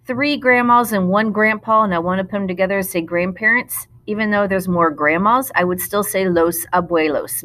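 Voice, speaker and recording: A woman, a Spanish teacher, talking through a recorded lesson in a patient, explanatory way. She slows down to model the Spanish words. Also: mid-range voice, fairly bright tone. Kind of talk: recorded classroom lesson narration.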